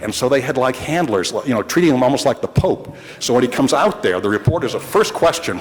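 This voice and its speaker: A man's voice: medium pitch, expressive, a little fast, few pauses, long reverb tail. A man in his sixties, a longtime reporter, telling rambling, wry anecdotes to a city council in a large chamber. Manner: rambling, wry, with frequent restarts. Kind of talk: anecdotal storytelling.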